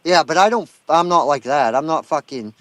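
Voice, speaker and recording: A man in his thirties with a Down East Maine accent tells stories bluntly, with a lot of swearing, in casual livestream chat. His voice sits a little high. The recording is dry and close. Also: lively intonation, normal speed, a bit bright, dry recording. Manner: blunt, profane storytelling.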